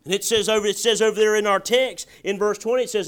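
A male pastor delivers a sermon. His voice sits high, and his folksy, emphatic delivery builds to shouts at times. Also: fairly even intonation, fast talker, few pauses, clear, resonant tone.

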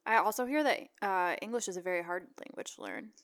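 A woman in casual conversation, mostly giving quick supportive reactions and short stories. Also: medium pitch, expressive, a bit bright. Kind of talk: casual chat.

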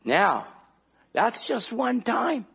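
A man's voice: extremely high pitch, very animated, drawn-out words, vocal fry, fairly bright tone, husky. A man preaching a fervent revival sermon, calling out to the congregation in rhythmic bursts. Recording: dull lo-fi old recording.

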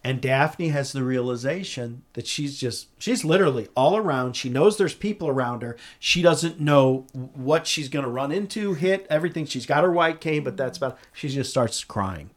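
A man being interviewed, telling a story in a conversational way, earnest and animated, with frequent restarts. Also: medium pitch, moderate pace, few pauses. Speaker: interview guest.

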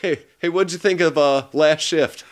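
A man from the United States hosting a horror podcast in casual, profane, joking chat with sudden loud outbursts. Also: fairly high pitch, moderate pace. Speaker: podcast host.

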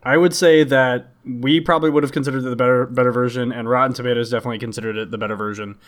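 A man's voice: medium pitch, steady tone, rapid-fire. A man hosting a podcast in casual banter, joking and teasing his co-hosts, often laughing. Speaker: podcast host.

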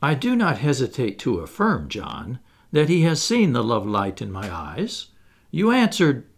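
A man's voice: mid-range voice, huge pitch swings, unhurried, husky, exaggerated voice. A man reading the part of a cheerful, eager young aristocrat in a play, earnest and a touch pompous.

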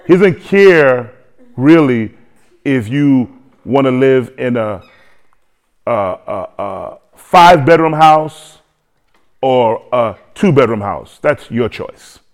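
A man preaching a sermon to a congregation, lively, with joking asides and repeated phrases. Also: medium pitch, takes it slowly. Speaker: pastor.

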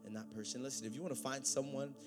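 A man preaching a sermon, swinging from loud, excited preaching to quiet, intense talk. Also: medium pitch, rapid-fire, over music.

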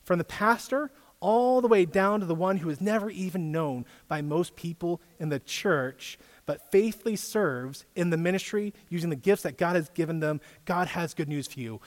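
Higher-voiced man preaching casually in a hall. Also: normal speed, few pauses. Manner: conversational, quizzes the audience. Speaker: youth pastor.

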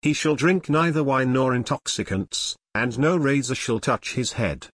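Man reading scripture, steady delivery. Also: medium pitch, moderate pace, breathy edge, dry recording. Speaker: scripture reader.

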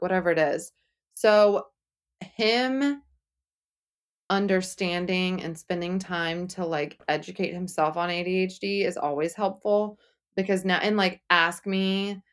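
A young woman speaking candidly as an interview guest, chatty and full of "like" fillers, acting out what others said. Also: fairly low pitch. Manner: chatty, frequent "like" fillers, acts out quotes.

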